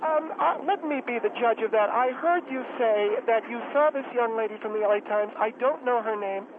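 Brief: man putting on a prim woman reporter, high, measured, tinny phone line. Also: background noise. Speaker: caller.

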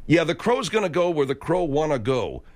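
A man's voice: on the high side, big pitch swings, moderate pace. A man hosting a comedic radio talk show, rambling and stammering through digressions in a studio.

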